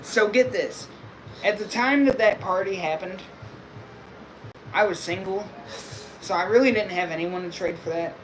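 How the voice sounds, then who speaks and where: A man's voice: high-pitched, moderate pace, long pauses, a bit bright, slight background noise, rough recording. A man streaming live, talking to his audience in a loose, rambling, crude way. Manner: rambling, crude, laid-back. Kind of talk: casual live-stream chat.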